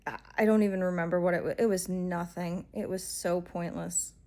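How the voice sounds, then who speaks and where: A woman's voice: fairly low pitch, fairly even intonation, fairly quick, a little mellow. A woman telling a story in a casual vlog, rambling and exasperated with a wry edge and lots of fillers. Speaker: vlogger.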